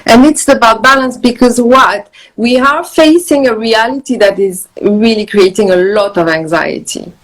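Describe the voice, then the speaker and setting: A woman's voice: fairly high pitch, moderate pace, poor audio. A woman with a French accent on a video call, talking earnestly about balance and meditation, repeating words as she goes. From France. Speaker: guest, wellness author. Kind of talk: casual video chat on meditation. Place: countryside home.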